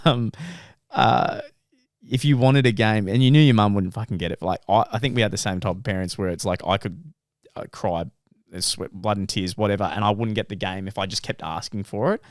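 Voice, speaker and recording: A man's voice: fairly low pitch, brisk, no echo, studio quality. A young man, co-hosting a podcast in casual chat, swearing as he tells stories and mimics other people. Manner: storytelling, swears, mimics voices. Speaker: podcast co-host.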